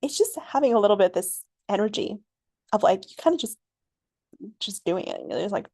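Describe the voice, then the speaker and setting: A woman hosting her own podcast, reflecting out loud in a rambling way, full of fillers and frequent laughs. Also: medium pitch, expressive, a little fast, vocal fry, dry recording. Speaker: podcast host. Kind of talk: reflective solo podcast monologue.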